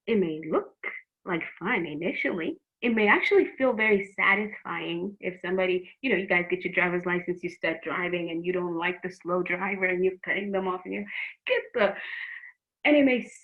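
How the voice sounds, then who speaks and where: A woman's voice: fairly low pitch, normal speed. A middle-aged woman teaching teens in a faith-based talk, earnest and frank, often repeating words as she gives advice. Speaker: youth program teacher. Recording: tinny phone-like line.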